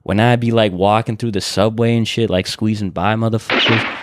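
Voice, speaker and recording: A boastful young college comedian leaning hard into street slang, as a man mimics him. The voice sits on the lower side and sounds close and dry. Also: fairly even intonation, moderate pace, no echo, close to an everyday voice. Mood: swaggering. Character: brash young male college comic, swaggering.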